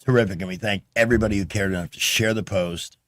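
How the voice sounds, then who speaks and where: A man's voice: on the low side, fairly even intonation, quick pace, fairly bright tone, dry recording. Easygoing male radio host, dry sound. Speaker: radio talk show host. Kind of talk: call-in radio chat.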